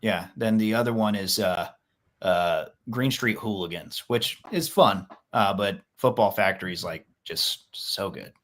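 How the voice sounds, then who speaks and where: A man's voice: lowish voice, measured pace, a bit bright. A man co-hosting a podcast in casual chat, rambling with lots of fillers. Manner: rambling, many fillers, laid-back. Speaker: podcast co-host.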